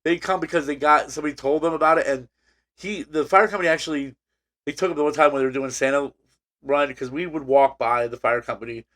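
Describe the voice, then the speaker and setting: A man's voice: fairly high pitch, fairly even intonation, fast, fairly bright tone. A man co-hosting a casual podcast, telling a long rambling story with many restarts and fillers. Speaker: podcast co-host. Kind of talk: casual chat.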